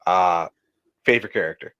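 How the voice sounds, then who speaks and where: A man's voice: sits low, normal speed, sharp tone, smooth, dull audio. A man co-hosting a casual film podcast, reading out ratings and facts with wry reactions. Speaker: podcast co-host. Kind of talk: casual chat.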